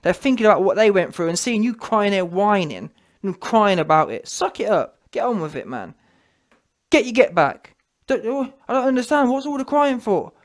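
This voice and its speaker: Guy ranting on his channel, high voice, mocking, keeps going "yeah?". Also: animated, moderate pace. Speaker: vlogger. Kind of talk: ranting monologue to camera.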